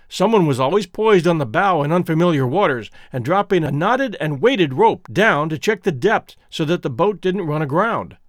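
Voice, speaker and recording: A man with a Midwestern accent hosting a story podcast, giving a measured, explanatory introduction and reading aloud. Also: sits high, no room sound, studio quality. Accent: Midwestern American. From American Midwest. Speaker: podcast host and reader.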